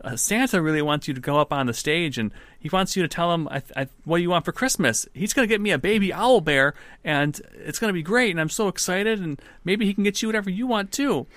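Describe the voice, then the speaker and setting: A man voicing an eager little boy, breathless and excited, with a squeaky rising pitch. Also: normal speed, dry recording, natural voice. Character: eager little boy asking Santa for a pet.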